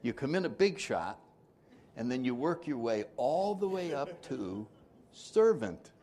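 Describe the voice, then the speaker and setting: A man with a medium-pitched, darkish voice and lively intonation leads a twelve-step recovery workshop, speaking a little slowly. He jokes with the room, laughs often, and acts out quoted voices.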